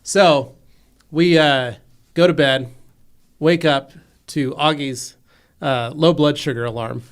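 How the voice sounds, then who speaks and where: A man's voice: fairly high pitch, slow pace, clear, resonant tone. A man co-hosting a podcast in a studio, telling a story in a casual chat and acting out the voices of his family. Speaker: podcast co-host.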